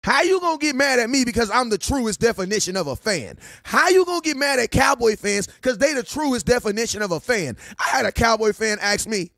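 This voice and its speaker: A man's voice: extremely high pitch, very animated, brisk, creaky, few pauses, bright, forceful tone, no room sound, clean studio sound. A young man on a casual sports livestream, ranting, joking and laughing at his critics. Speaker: sports vlogger.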